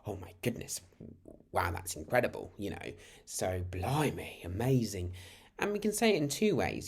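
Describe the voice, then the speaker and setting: A British man with a very low voice gives a relaxed, informal lesson straight to camera. He rambles in a friendly way and often restarts his sentences as he talks. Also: vocal fry. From United Kingdom. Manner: chatty, rambling, full of restarts. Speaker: language teacher.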